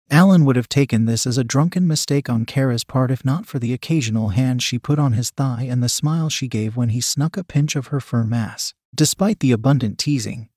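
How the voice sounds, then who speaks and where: A man giving a scripted story narration in an even, steady reading voice. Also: mid-range voice, dry recording, studio quality.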